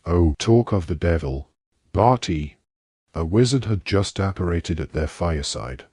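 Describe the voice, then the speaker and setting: A man narrating an audiobook with measured storytelling. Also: sits low, a little mellow, dry recording, studio quality. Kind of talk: scripted narration.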